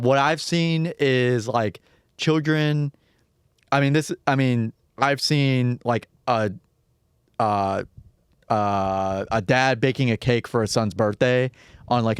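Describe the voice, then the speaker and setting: A man's voice: medium pitch, clean tone, dry recording, studio quality. A young man co-hosting a podcast in casual chat, often hesitating and hunting for the right word. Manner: hesitant, restarts and searches for words. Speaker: podcast co-host.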